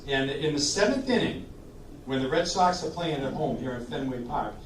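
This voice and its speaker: A man entertaining seniors at a live sing-along, chatting warmly between songs and coaxing the crowd to sing with him. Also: medium pitch, expressive, normal speed, a little hiss or hum. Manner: chatty, encouraging, leads audience singing. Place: senior living community hall. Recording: roomy hall, heard from a distance. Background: instrumental backing music.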